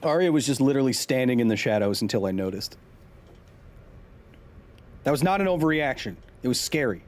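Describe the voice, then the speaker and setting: Lively man streaming a game. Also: medium pitch, brisk, long pauses. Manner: chatty, explains science, reads chat aloud; jumpy, yells when startled. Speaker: science streamer. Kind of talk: live gaming stream commentary.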